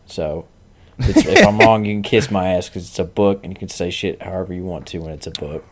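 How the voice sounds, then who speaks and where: Podcast co-host, man with a lowish voice, blunt and profane, cracks jokes in easy chat. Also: animated, a little fast. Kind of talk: casual chat.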